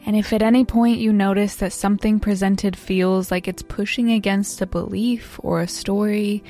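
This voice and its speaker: A woman calmly introducing a podcast season, gently guiding listeners to breathe and reflect. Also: mid-range voice.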